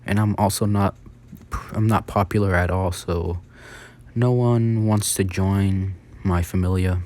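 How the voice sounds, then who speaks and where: A man voicing a friendly young female goddess in a casual spoken fan story, with a halting delivery full of fillers. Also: sits low, fairly even intonation, dark tone. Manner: halting, filler-heavy retelling.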